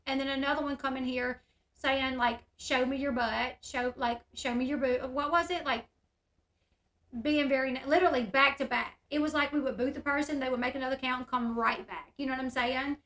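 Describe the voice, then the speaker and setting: A high, bright-voiced woman talks casually on her livestream. She is candid and chatty, reading viewer comments aloud as she goes. Her voice carries a noticeable echo from the room at home. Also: fairly even intonation, a little fast. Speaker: YouTube host.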